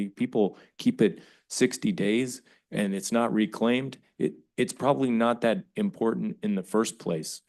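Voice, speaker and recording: A man chairing a city council meeting, arguing his point forcefully with frequent restarts and a Californian accent. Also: on the low side. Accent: Californian English.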